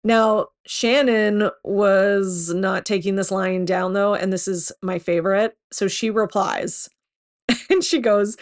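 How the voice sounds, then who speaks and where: A woman hosts a gossip podcast in a loose, chatty way, leaning on fillers as she riffs. Her pitch sits right in the middle for a woman, and she sounds animated, like she's enjoying her own commentary. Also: slow pace. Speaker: podcast host. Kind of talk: casual reality TV gossip commentary.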